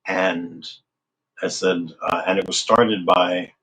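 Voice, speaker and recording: A man with a notably low voice speaks as a guest in an interview. He tells a long personal story in an easy, conversational way. He slips into the voices of the people in it as he quotes them. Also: steady tone, slow, bright, forceful tone, rough recording. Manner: conversational, acts out remembered dialogue. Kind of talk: casual storytelling.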